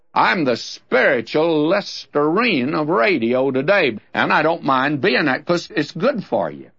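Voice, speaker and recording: A man gives a radio Bible teaching in a folksy, plainspoken way, as if chatting with friends. His voice sits a little high for a man. The recording is dull and lo-fi, like an old broadcast. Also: fairly bright tone, slightly rough.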